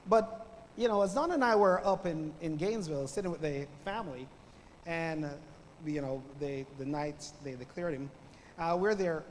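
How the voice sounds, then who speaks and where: A man's voice: on the high side, normal speed, a little hiss or hum. Jamaican man preaching in a reverberant church. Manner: loud greeting, then storytelling with soft drops. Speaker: guest pastor. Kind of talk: sermon. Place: church sanctuary. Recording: church hall reverb with faint ambience.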